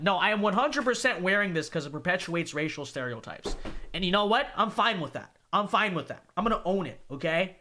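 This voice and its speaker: A man's voice: high-pitched, fairly quick. A man in his twenties chatting casually and sarcastically on a livestream while reading donations aloud. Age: 20s. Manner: animated, sarcastic, rambling, keeps saying okay.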